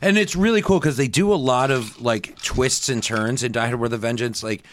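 A man's voice: mid-range voice, moderate pace, slight background noise. A man co-hosting a podcast, enthusiastically retelling film scenes in a casual discussion. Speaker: podcast co-host.

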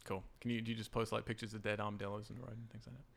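A man hosting a casual podcast chat, relaxed and laughing often, with many fillers. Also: on the low side, very fast, creaky. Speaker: podcast host.

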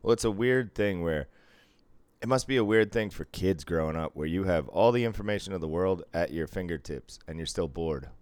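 A man's voice: sits low, lively intonation, darkish tone, clean tone, dry recording. A young man, a casino dealer, chatting casually with a sardonic, swearing wit. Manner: sardonic, swearing, quick to do voices. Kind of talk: casual chat.

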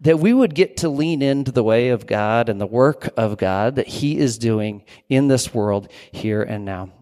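A man's voice: medium pitch, darkish tone, in a large hall. A man preaching a sermon in a conversational way, reading scripture aloud and then reflecting on it. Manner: conversational, with fillers and restarts.

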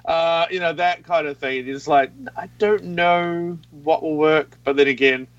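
A man's voice: fairly high pitch, measured pace. Swearing New Zealand man, muffled line. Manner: laughs often, swears freely. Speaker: podcast guest. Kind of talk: casual chat.

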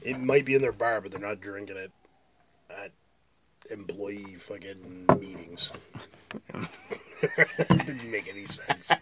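A wry man from Canada trades offhand, crude jokes during a beer tasting. His voice sits a little low. Heavy background noise covers the recording. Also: moderate pace, pauses often. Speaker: beer podcast co-host. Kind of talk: casual chat over beer tasting. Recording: very noisy home recording.

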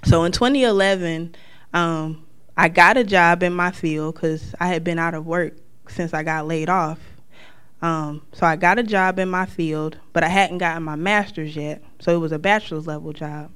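Sharing her personal testimony, this woman from North Carolina is an animated storyteller who voices each character's lines herself. She speaks at a normal speed with a fairly low pitch and a clean tone.

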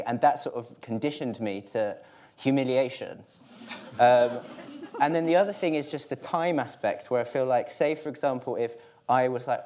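A man's voice: mid-range voice, fairly quick, darkish tone, muffled recording. A man speaking as a panel guest, rambling in a self-deprecating way about creative work. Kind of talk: panel discussion.

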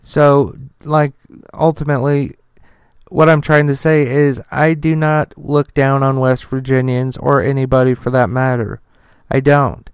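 A man's voice: mid-range voice, fairly even intonation, clean tone, no echo, clean studio sound. A man from Utah hosting a podcast, reading news stories with many fillers and breaking into profane, outraged asides. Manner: halting, with many uh fillers and repeated words. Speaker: podcast host. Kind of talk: casual news commentary.

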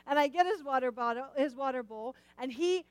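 A middle-aged woman telling a personal story in a sermon, animated and repeating words as she acts out lines. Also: high-pitched, brisk, clear, resonant tone, no room sound, rough recording.

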